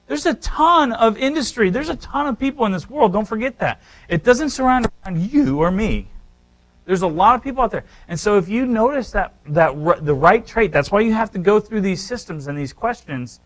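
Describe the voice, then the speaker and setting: A man's voice: high voice, rough recording. Emphatic male real estate instructor. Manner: animated, emphatic, talks straight to the room. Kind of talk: live seminar teaching.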